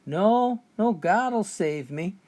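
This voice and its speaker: Brief: stubborn calm preacher, voiced by a man, slow and lilting. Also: high voice, voice pushed up, heavily acted. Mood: serene. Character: serene male preacher, stubbornly trusting.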